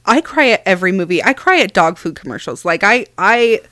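A woman co-hosting a casual conversation, chatty and animated, laughing often as she talks. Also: mid-range voice, brisk, no room sound, clean studio sound. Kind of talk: casual chat.

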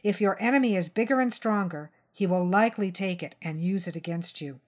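A woman reading a story, voicing an old grandfather giving measured advice. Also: medium pitch, lightly acted. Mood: advising.

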